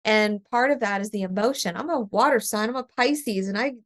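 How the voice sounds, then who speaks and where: Animated woman telling stories. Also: mid-range voice, brisk. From East Tennessee. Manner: animated storytelling with laughter, acts out her own past voice. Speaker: spiritual medium guest. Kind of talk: casual podcast conversation.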